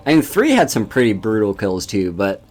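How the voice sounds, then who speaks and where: A man's voice: on the low side, big pitch swings, moderate pace, a little mellow, soft background music. A man hosting a game stream, chatting casually and laughing often as he plays. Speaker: streamer host. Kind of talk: casual gaming chat.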